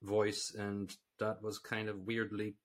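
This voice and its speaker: A very low-voiced Irish man chats casually on a film podcast. He recaps scenes at length and gives blunt, dismissive verdicts. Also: monotone, slow. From Ireland. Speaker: podcast co-host. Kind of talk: casual film review chat.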